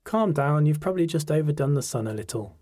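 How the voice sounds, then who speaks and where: A man voicing a calm, reassuring middle-aged father in an audiobook, speaking matter-of-factly with easy confidence. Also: a little high, fast. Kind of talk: audiobook character voice.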